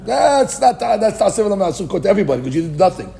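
Speaking fast in a high, gravelly voice, a man teaches a daily Talmud class from a live session recorded for a podcast. He reads the Aramaic aloud, explains it in English, and animatedly asks and answers his own questions.

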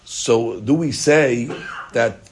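Male Talmud teacher, animated storyteller, mid-range voice, mixes Hebrew and Aramaic. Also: mid-range voice, slow pace, slight background noise. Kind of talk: daily Talmud class.

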